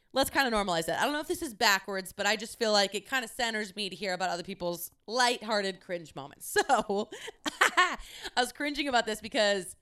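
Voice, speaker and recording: A young woman hosting her own podcast, telling a story in a casual, chatty way with lots of swearing and animated quoting. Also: medium pitch, clear, resonant tone. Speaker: podcast host.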